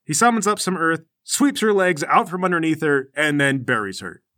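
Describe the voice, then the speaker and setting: A man's voice: fairly high pitch, lively intonation, normal speed, bright, forceful tone. A man running a tabletop game, narrating the scene with playful energy and sound effects. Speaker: game master.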